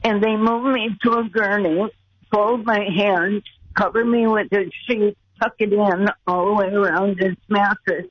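A woman's voice: medium pitch, steady tone, unhurried, husky. An older woman, a guest, earnestly telling a personal story, heard over a muffled phone line.

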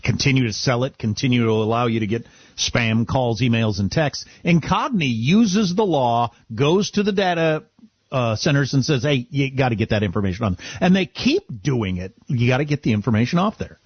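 Brief: male radio co-host, husky, lively pitch, wry chatty delivery, dry dull sound. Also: moderate pace, no echo. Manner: wry, animated, restarts a lot. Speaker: radio talk show co-host. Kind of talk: casual radio talk.

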